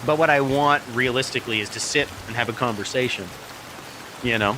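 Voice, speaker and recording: Chatting casually in his beer review vlog, this middle-aged man speaks at a medium pitch and a brisk pace, with some hesitant restarts. The clip was recorded outdoors on a small camera-mounted mic while rain poured down loudly, and background noise is noticeable.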